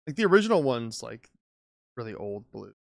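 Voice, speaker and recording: A man's voice: mid-range voice, sing-song, fairly quick, creaky, no room sound, studio quality. A man co-hosting a casual podcast chat, joking and stumbling as he reads aloud. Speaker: podcast co-host.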